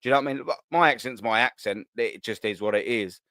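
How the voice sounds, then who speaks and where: A man's voice: medium pitch, fast, bright, forceful tone, no room sound. A man in his thirties with a London accent, hosting a live stream and chatting casually with his viewers, full of slang and easy laughter. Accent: London English. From England. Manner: laid-back banter full of slang, laughs easily. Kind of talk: casual live chat reading comments.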